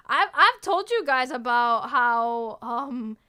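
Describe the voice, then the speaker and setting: A young woman streams to her viewers in a loose, teasing chat, breaking into laughs and restarting her sentences. Her voice sits high and sounds bright and clean. She answers her chat playfully and keeps the talk rolling. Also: lively intonation, slow pace, clear, resonant tone. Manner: chatty, self-interrupting, laughs often. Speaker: VTuber streamer.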